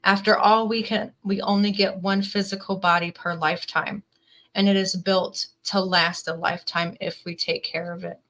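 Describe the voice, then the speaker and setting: Bright-voiced woman giving a tarot reading. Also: mid-range voice, flat delivery, moderate pace, rough recording. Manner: earnest, emotional, with frequent "definitely" and "like". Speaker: tarot reader. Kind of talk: casual spiritual reading to camera, reading card messages aloud.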